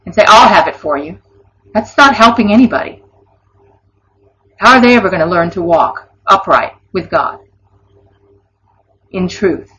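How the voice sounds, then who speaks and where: Speaking with a fairly bright, somewhat high voice, a woman leads an informal Christian devotional teaching in an online or broadcast session. She sounds earnest and chatty and laughs through her asides, and the lo-fi recording is dull with slight background noise.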